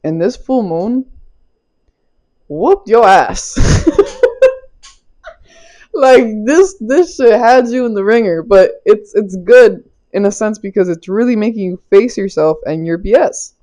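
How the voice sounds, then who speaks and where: A woman's voice: medium pitch, lively intonation, a little slow, warm tone. A young woman giving a casual spiritual tarot reading, loose and chatty, laughing often and swearing casually. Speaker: tarot reader. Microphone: small clip-on mic.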